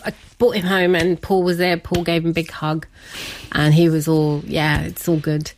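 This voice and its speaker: A woman's voice: deep voice, level tone, moderate pace, darkish tone, a little hiss or hum. A middle-aged woman telling a personal story as an interview guest, chatty, laughing often and acting out what family members said.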